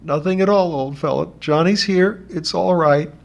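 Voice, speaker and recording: A man's voice: fairly high pitch, normal speed, vocal fry, voice pushed up. A man reading aloud who voices a brave, stubborn teenage boy in a grim, determined way.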